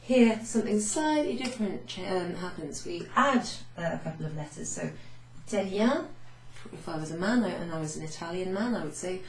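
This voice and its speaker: A woman's voice: on the low side, animated, fairly quick, darkish tone, reverberant, a little hiss or hum. A woman teaching beginners French, explaining patiently step by step and sounding out French words. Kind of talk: recorded lesson recap.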